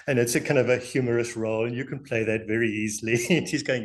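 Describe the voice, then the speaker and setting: An older man in his sixties speaks with a South African English accent and an ordinary mid-range pitch. He recounts stories casually for an interviewer, animated and quick to chuckle. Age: 60s. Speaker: alumnus.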